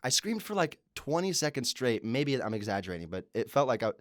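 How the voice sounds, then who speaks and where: Fast-talking man telling a story. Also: mid-range voice, dry recording, clean studio sound. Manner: animated, profanity-laced anecdote telling. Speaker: podcast co-host. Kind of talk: casual storytelling chat.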